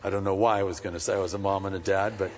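A man's voice: sits low, level tone, very fast. Impassioned male preacher in a reverberant hall. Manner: impassioned preaching, swinging between loud emphatic peaks and soft confiding asides. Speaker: pastor. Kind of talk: sermon. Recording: dull, muffled sound with long hall reverb.

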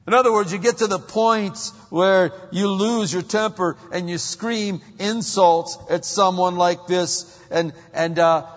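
A man preaching a sermon, an animated storyteller who swings from loud bursts to hushed tones. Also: sits high, unhurried, few pauses. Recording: muffled hall recording with long reverb.

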